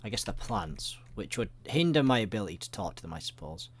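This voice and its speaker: A man's voice: lowish voice, big pitch swings, a little fast, breathy edge. A man giving rambling, jokey let's-play commentary, swearing often. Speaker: gaming video creator.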